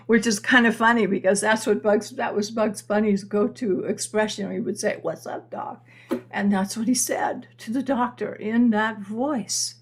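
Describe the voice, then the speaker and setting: A woman's voice: mid-range voice, steady tone, a little slow, slightly rough. An older woman hosting an astrology live stream, telling a long story in a chatty, meandering way with many restarts and answering viewer comments. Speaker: astrology channel host.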